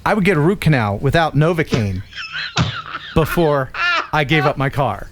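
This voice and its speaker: Animated, joking male stream host. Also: a little high, moderate pace, noisy background. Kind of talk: casual live-stream chat.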